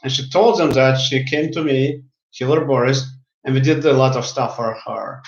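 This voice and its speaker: A man's voice: mid-range voice, steady tone, moderate pace. A man who works as a healer tells a story in casual speech, often repeating and restarting his words. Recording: roomy, dull lo-fi sound.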